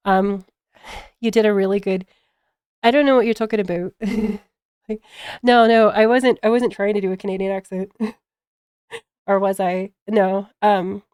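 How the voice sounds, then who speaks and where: A woman with a plain general American accent chats on her stream. Her voice is smooth and clean at a middle pitch, recorded dry and close. She halts often, filling gaps with fillers and easy laughs. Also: a little mellow, no room sound. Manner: halting, many fillers, frequent laughs. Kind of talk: casual stream chat.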